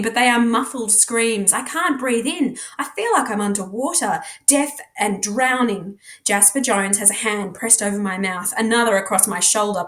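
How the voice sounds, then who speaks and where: A woman reading a novel aloud in measured, expressive first-person narration. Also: fairly high pitch. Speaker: book reader.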